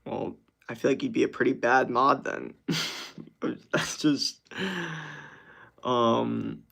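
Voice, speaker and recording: Laid-back young man with a gravelly voice. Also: medium pitch, fairly even intonation, takes it slowly, bright, forceful tone. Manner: laid-back, reads comments aloud, laughs easily. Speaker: streamer answering chat. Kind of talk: casual livestream chat.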